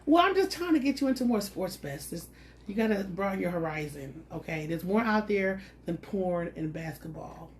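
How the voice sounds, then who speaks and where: A woman's voice: on the low side, expressive, moderate pace, a little hiss or hum. A woman co-hosting a podcast in casual chat, with a teasing, blunt way of joking. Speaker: podcast co-host.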